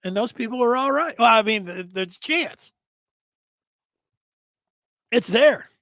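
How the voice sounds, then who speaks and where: A man with a high, bright-edged voice hosts a casual sports commentary show. He rambles excitedly, doubles back and corrects himself mid-sentence. The sound is close and dry, with no room echo. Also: a little slow. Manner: rambling, animated, frequent self-corrections. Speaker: sports podcast host.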